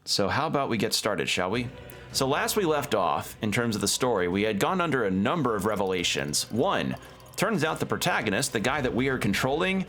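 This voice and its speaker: A man with a medium-pitched, slightly bright voice gives casual gameplay commentary on his stream, rambling through a recap of the story while talking around a toothpick in his mouth.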